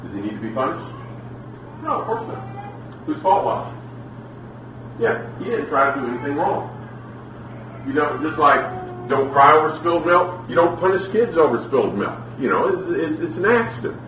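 A man preaching a sermon, telling lively stories and acting out the people in them. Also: a little high, a little fast, slight background noise. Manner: animated storytelling, acts out quotes. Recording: echoey room, from far off.

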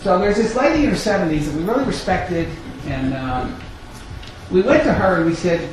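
A middle-aged male pastor telling a family story in a sermon, acting out the family's dialogue with lively storytelling. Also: sits high, moderate pace, heavy reverb, slight background noise, poor audio.

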